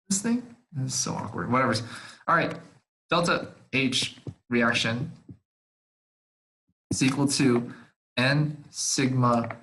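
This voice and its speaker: A man's voice: medium pitch, creaky, a bit bright, rough recording. A young man leading an online chemistry review session, talking casually, getting flustered and laughing at himself as he swears. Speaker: supplemental instruction leader.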